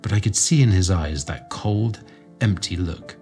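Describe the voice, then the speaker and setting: A man reading a classic mystery story aloud as a narrator, in a measured, dramatic way with slow pauses. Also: low-pitched, mellow, faint music behind. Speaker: audiobook reader.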